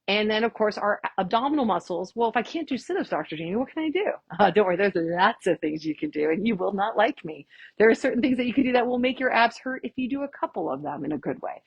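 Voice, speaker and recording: A woman's voice: mid-range voice, slightly rough, no echo. A woman chiropractor giving a workshop talk, sassy, blunt and fired-up, chatting casually with her audience. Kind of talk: live workshop lecture.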